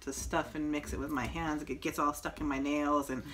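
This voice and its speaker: A woman co-hosting a casual food-tasting chat, blunt and animated as she complains about what she eats. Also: low-pitched, normal speed, heavy background noise. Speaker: co-host of a vegan food review channel.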